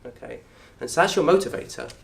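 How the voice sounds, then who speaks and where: A man with a southern English accent teaching an Arabic course in a lecture room. He talks in a lively way, quizzes the audience and acts out little scenes. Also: mid-range voice, fast talker, vocal fry. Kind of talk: lecture to an open day audience. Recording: roomy echo from a distant mic.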